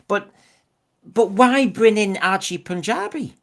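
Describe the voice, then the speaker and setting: A man's voice: high-pitched, very animated, normal speed, a bit bright. A man co-hosting a podcast, opinionated and fond of rhetorical questions in casual discussion. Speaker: podcast co-host.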